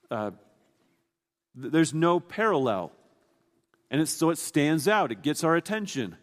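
A man's voice: medium pitch, sing-song, normal speed, big-room sound. A man preaching a sermon, explaining a scripture passage in an earnest, teaching way, often restarting his sentences.

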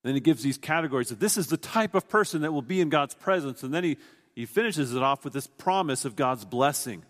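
A man's voice: a little high, expressive, fairly quick, big-room sound. A man preaching a sermon, explaining a scripture passage in an earnest, teaching way, often restarting his sentences.

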